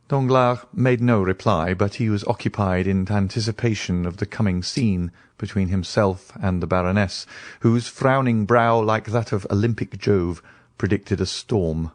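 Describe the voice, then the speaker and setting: This is a man narrating a classic novel for an audiobook, his voice on the low side and his reading measured yet expressive, with no echo.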